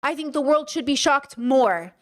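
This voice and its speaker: A woman hosts a live stream, addressing her chat earnestly and passionately in a lecturing tone. Her voice is high-pitched and expressive, and she speaks at a moderate pace.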